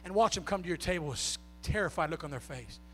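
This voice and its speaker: A man preaching a sermon with a Southern US accent, swinging from shouted, half-sung peaks down to soft, low talk. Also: lively intonation, fast, faint music behind.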